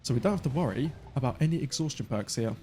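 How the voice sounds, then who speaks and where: 20s guy streaming, hyped commentary on his plays, normal pitch, bit of music in the back. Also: fast talker. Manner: excitable, cheers his own plays. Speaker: gaming streamer. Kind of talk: live gameplay commentary.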